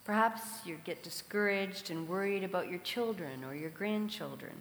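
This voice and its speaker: A woman preaching a sermon in a large hall, telling a story and asking reflective questions at a measured pace. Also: fairly low pitch, fairly bright tone, slight background noise. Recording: echoey hall with long reverb.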